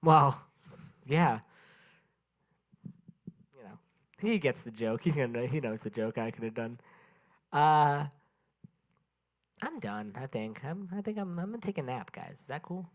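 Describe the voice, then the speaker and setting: Tired rambling open mic comic. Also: male voice, medium pitch, lively intonation, slow, pauses often. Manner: rambling, self-interrupting, chatting with the crowd. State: sleep-deprived and tired. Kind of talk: stand-up comedy set. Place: small indoor open mic venue.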